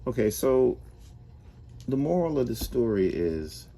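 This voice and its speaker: A man telling a story in a relaxed, casual way, often restarting and repeating his words. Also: medium pitch, unhurried, creaky.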